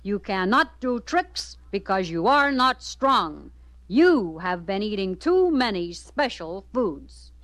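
A woman doing a gruff commanding circus man. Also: mid-range voice, sing-song, takes it slowly, no echo. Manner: loud, commanding. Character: gruff adult male circus master.

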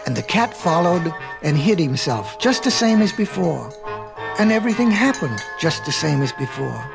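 Man, storybook narration, gravelly, rhythmic, faint music behind. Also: fairly high pitch, very animated, rough recording. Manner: slow, rhythmic, lingering on repeated phrases. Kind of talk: storybook reading.

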